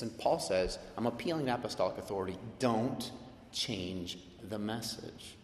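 Animated male preacher in an echoing hall. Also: lowish voice, normal speed, slight background noise. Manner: animated, conversational, quoting with shifting intensity. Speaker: pastor. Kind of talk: sermon. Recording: echoey hall with long reverb.

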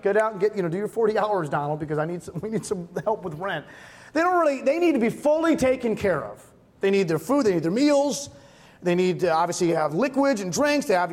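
A man in his thirties, a pastor, preaching a conversational sermon with emphatic repeated refrains. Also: high voice. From Massachusetts.

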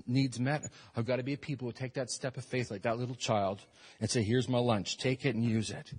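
A man preaching a sermon as pastor, animated and rising into emphatic bursts. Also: fairly high pitch, husky.

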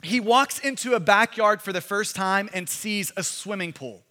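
A pastor preaching a sermon with emphatic, repetitive delivery that builds to shouts, recorded in a large hall. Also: male voice, sits high, normal speed. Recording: long hall reverb.

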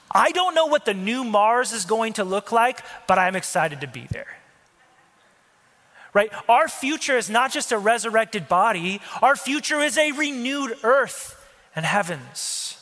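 A man's voice: high voice, bright, forceful tone. A male pastor preaching a sermon in a conversational way, with asides and jokes to the congregation, recorded in a church hall. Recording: long hall reverb.

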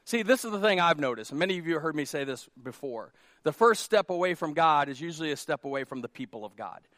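A high-pitched man preaching a sermon to his congregation. He talks casually, jokes along the way, and drives his main points home by repeating them with force. His voice is close and dry, with no room echo. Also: lively intonation, fast, a bit bright. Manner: conversational preaching with jokes, rising to emphatic repeated lines. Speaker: pastor. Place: church sanctuary.

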